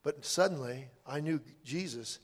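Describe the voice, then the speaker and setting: An older man telling his personal testimony in a halting, earnest way, with many restarts. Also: on the high side, breathy edge. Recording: long hall reverb.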